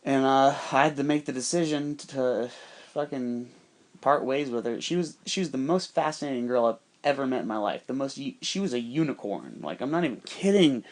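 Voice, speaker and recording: In a casual podcast monologue, a man with a mid-range voice speaks briskly about something that happened to him. His telling is rambling and full of swearing, and he vividly mimics the voices of others.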